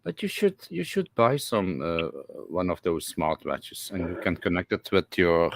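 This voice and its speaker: A man hosting a casual live stream from home, talking haltingly with lots of repeated words and chuckles. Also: low-pitched, sing-song.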